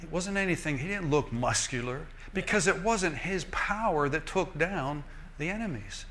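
Bright-voiced folksy male preacher. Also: fairly high pitch, normal speed, slight background noise. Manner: lively, folksy, joking, asks "Amen?". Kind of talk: sermon.

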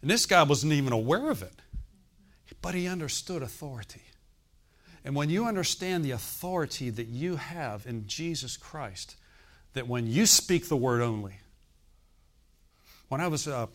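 Male pastor, sixties, animated sermon storyteller, acts out dialogue, quiet asides. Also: moderate pace. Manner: animated storytelling, acting out quoted dialogue with rising pitch and volume; drops into quiet, confiding asides. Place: church.

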